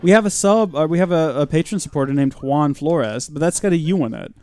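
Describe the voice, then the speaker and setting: A young man streaming a game live, rambling and joking with his chat in a fairly high voice that swings up and down a lot. He breaks into mock shouts now and then. The mic is close and dry, with faint game music under him. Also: animated, brisk, no echo. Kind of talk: live gameplay commentary.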